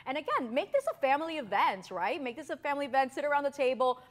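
A woman's voice: high voice, animated, quick pace. A middle-aged woman from Miami, a lifestyle expert chatting as a guest in an upbeat, bubbly promotional interview, repeating phrases for emphasis. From Miami, United States.

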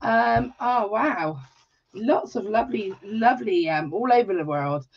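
An English woman from England, hosting a live jewellery tutorial in a warm, chatty way, greeting viewers by name and exclaiming often. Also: mid-range voice, lively intonation, measured pace, husky. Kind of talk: chatty livestream talk. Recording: slightly dull livestream audio.

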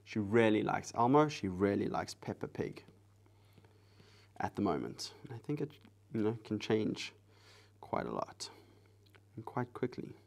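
A man hosting a live drawing stream, chatting casually with viewers in a soft, relaxed way while he works. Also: fairly low pitch, measured pace, creaky, pauses often. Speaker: live-stream artist host.

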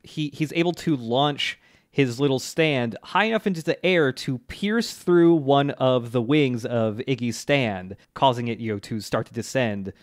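A man's voice: medium pitch, a little slow, no room sound. Male podcast co-host, easygoing recap, close dry mic. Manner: relaxed storytelling with fillers, laughs along. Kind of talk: casual chat recapping an anime.

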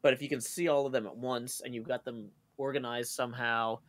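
A man's voice: medium pitch, fairly even intonation, a little fast, a bit bright, dry recording. A man chatting casually on a live stream, rambling through stories with many fillers and restarts. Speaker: co-host on a stream. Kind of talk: casual chat.

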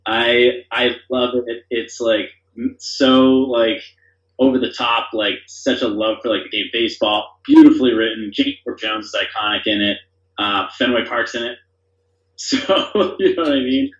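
A man's voice: medium pitch, normal speed, fairly bright tone. A man as a podcast guest, talking casually and enthusiastically, rambling with lots of fillers. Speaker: podcast guest, company founder. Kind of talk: casual conversation. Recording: dull, roomy sound.

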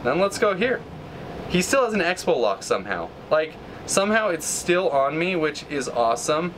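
A man hosting a gaming channel, giving live gameplay commentary, ranting in frustration, with sudden high outbursts and low mutters. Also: sing-song, moderate pace, background noise.

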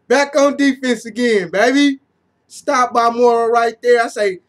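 A man talks through a football game as a fan, unhurried in pace but bursting into shouts. He leans on slang and says the same lines over and over. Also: very high voice. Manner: animated, slangy, repeats himself, shouts often. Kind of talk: excited play-by-play fan commentary.

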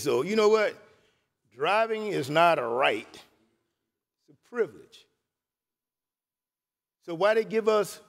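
A man addressing a legislative chamber as a senator in a slightly high voice. He speaks haltingly, full of fillers and restarts, and the long reverb of the hall trails behind his words. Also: vocal fry. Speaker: state senator. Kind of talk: floor speech.

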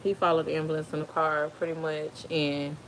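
Young woman, aave accent, casual storytime, laughs a lot, lowish voice. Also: flat delivery, brisk, a bit bright, a little hiss or hum. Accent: African American Vernacular English. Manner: chatty, laughs often, talks to kids off camera. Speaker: vlogger telling a birth story.

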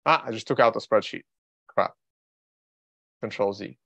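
This Russian trader-host's voice is lowish, creaky and a bit bright, moving at normal speed. On his casual market-commentary stream he rambles, thinking aloud bluntly and offhandedly. The recording has no room sound and is dry and somewhat dull.

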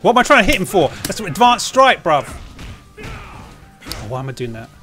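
A man streaming a fighting game in loose, casual chatter, his voice swinging widely in pitch as he bursts into yelling at the screen. Faint music plays behind him. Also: fast talker. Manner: excitable, yells and swears at the game.

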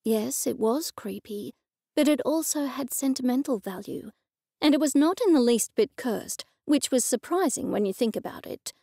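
A woman's voice: sits high, expressive, moderate pace, mellow, no room sound, clean studio sound. A woman narrating an audiobook in the first person, with wry, weary storytelling. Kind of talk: scripted narration.

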